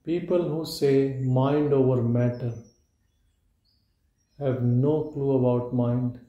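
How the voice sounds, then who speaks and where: A man giving a meditative spiritual talk at a live gathering, in slow, measured short statements with long pauses. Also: mid-range voice, fairly even intonation, highs cut off. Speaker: spiritual teacher. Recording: roomy echo.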